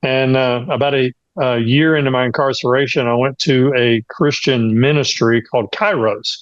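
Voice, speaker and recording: A man's voice: mid-range voice, steady tone, normal speed, no echo, lo-fi sound. A man giving an earnest personal testimony as a guest, with frequent fillers. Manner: earnest storytelling, many fillers.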